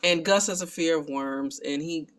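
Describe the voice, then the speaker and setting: Guy gushing about a movie plot, kinda high voice, chatty and excited. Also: normal speed. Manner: animated, excitable retelling; talks to viewers as family. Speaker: film reviewer. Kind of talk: casual film recap.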